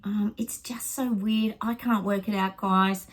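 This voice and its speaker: Middle-aged Australian woman, casual home vlog, chatty and rambling, filler-heavy, mid-pitched. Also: fairly even intonation, unhurried, rough recording. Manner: chatty, rambling, lots of ums and asides to her dog. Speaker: psychic vlogger. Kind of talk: casual chat to viewers.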